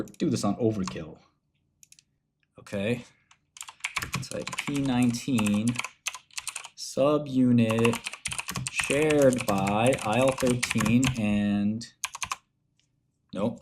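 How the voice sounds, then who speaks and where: A man's voice: fairly low pitch, background noise. Guy streaming, chill slangy chat, says bro a lot, faint typing clicks in the back. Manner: loose, slangy storytelling, calls listeners bro. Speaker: finance streamer and host. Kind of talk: casual livestream chat while browsing research.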